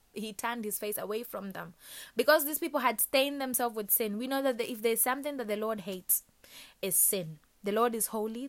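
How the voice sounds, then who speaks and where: A woman's voice: a little high, fairly bright tone. A woman preaching a sermon, earnestly exhorting her listeners with a stream of rhetorical questions.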